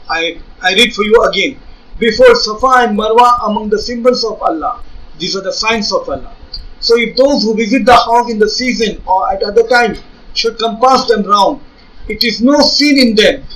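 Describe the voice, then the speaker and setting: A high-pitched man with an Indian English accent delivers a combative rebuttal lecture, firing rhetorical questions and quoting scripture. His voice sounds set back from the mic. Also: fairly bright tone, recorded from a distance, low-quality recording. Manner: argumentative, rhetorical questions, reads scripture aloud. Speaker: religious debater.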